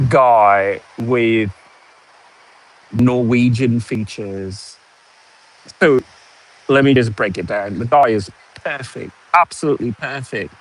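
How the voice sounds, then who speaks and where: A man in his forties with a posh British accent, telling a sarcastic story in a casual vlog monologue. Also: medium pitch. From United States. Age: 40s. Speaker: vlogger.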